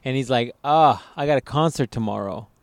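A man riffing on a podcast in crude, swear-laden banter, animating his stories with quick put-on voices. His voice is smooth and resonant at a middle pitch. The sound is dry and close, with no room around it. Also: no echo. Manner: loose, swearing, animated storytelling. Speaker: podcast co-host.

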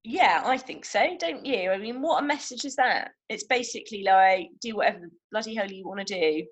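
A woman's voice: medium pitch, a little fast, breathy edge. A woman trauma consultant, speaking in an exasperated, incredulous way.

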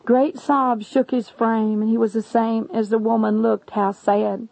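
Gravelly-voiced woman preaching her testimony. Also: fairly high pitch, level tone, measured pace, hardly any pauses, a little mellow, dry recording. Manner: earnest, addresses listeners as "my friend". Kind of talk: testimony sermon narration. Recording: dull lo-fi recording.

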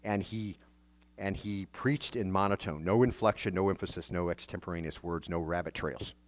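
A man's voice: sits low, moderate pace. A man, a pastor, preaching a sermon in a conversational way, asking rhetorical questions and often restarting his phrases.

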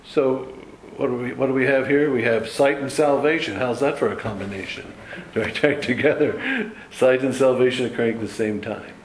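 A man with a somewhat low voice teaching scripture in a relaxed, talky manner, full of "you know" asides. He sounds recorded in a reverberant room, with a faint hum of ambience behind him. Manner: conversational, loose, frequent "you know" asides. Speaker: Bible teacher. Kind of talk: informal Bible study teaching.

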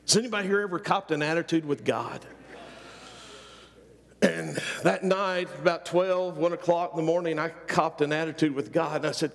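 Middle-aged guy preaching a sermon, bit high and gravelly, long echo in the hall. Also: fairly even intonation, normal speed. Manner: preaching with rising fervor, repeated phrases. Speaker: pastor.

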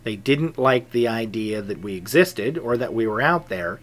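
A middle-aged man calmly telling a personal story in a measured, conversational way, dropping into soft asides. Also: fairly low pitch. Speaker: pagan group leader telling a personal story. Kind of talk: casual spoken anecdote.

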